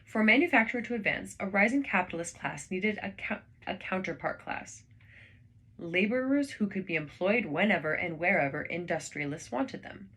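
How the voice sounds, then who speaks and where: Husky woman reading books aloud. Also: mid-range voice. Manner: calm, measured reading, slowing for verse. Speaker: reader.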